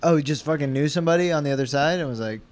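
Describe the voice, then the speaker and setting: A man co-hosting a casual podcast, chiming in with questions and quick jokes. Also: a little high. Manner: joking interjections, quick wisecracks. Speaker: podcast co-host.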